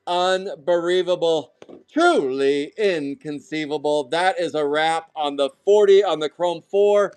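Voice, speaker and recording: A man hosting a live trading card break, calling out each pull and getting loudly excited over rare hits. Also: a little high, clean tone. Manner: hyped, shouting excitedly at big pulls.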